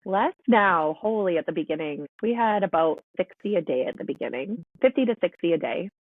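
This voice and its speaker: A woman's voice: lowish voice, lively intonation, a little fast, no room sound. A woman in her thirties talks frankly and emphatically, leaning on repeated words for stress. Her voice comes through a narrow, phone-like remote line. The sound is dry, with no room around it. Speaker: podcast guest, mother of quadruplets. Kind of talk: casual storytelling interview.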